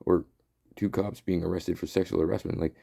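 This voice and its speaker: A man rants in a heated, rambling way, swearing freely. His low voice is thick with gravel and fry, with a dark, husky tone. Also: steady tone, a little fast. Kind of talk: ranting monologue.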